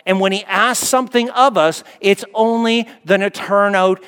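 Male preacher, high voice, emphatic sermon cadence that rises and falls quiet, long hall reverb. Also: fairly even intonation, normal speed, clear, resonant tone. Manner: emphatic, repetitive preaching cadence, swelling then dropping soft. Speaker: pastor.

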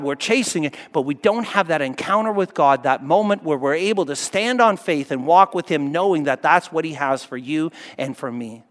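High-voiced man preaching in reverberant hall. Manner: emphatic, repetitive preaching cadence, swelling then dropping soft. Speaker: pastor. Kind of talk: sermon.

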